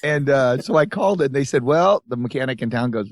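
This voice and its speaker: A man co-hosting a casual podcast recorded on a tour bus tells a long, wandering road story and slips into the voices of the people in it. His pitch sits in the middle range. The sound is close and dry, with no room around it. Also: animated, fast talker, few pauses, dry recording. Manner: rambling anecdotes with acted-out quotes. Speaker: podcast co-host.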